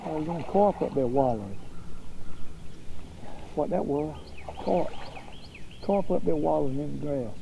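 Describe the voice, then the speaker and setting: An older man with a Southern accent, hosting a fishing show outdoors on a lake, talking in a folksy, drawling way and getting excited over each catch. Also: fairly high pitch, unhurried, creaky, pauses often, noisy background. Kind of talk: casual fishing commentary.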